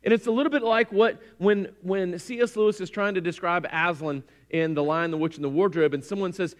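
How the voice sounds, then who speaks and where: A man preaching a sermon, animated and conversational, acting out quoted voices. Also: high-pitched, brisk, few pauses. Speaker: pastor.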